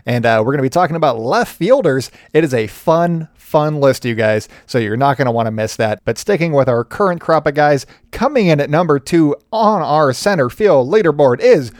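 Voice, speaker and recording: A man's voice: on the high side, expressive, moderate pace, hardly any pauses, dry recording, studio quality. A man hosting a solo sports podcast in a chatty, joking and self-deprecating way. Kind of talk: casual solo podcast commentary.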